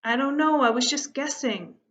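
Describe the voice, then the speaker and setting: A woman's voice: high-pitched, moderate pace, fairly bright tone, a little hiss or hum. A woman reading a nervous young boy. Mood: anxious. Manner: hesitant, anxious. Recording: muffled lo-fi recording.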